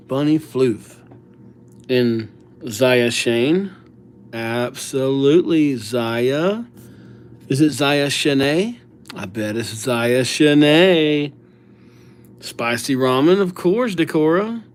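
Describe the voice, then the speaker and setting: A man's voice: mid-range voice, darkish tone, a little hiss or hum. A middle-aged man hosting a livestream, chatting casually and greeting viewers by name with playful nicknames. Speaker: livestream host writing viewers' names.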